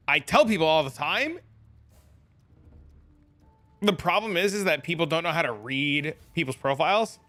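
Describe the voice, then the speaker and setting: A man's voice: a little high, expressive, moderate pace, pauses often, bright, forceful tone, faint music behind. A man streaming a game and chatting casually, telling stories and mimicking his chat in repeated, raised voices.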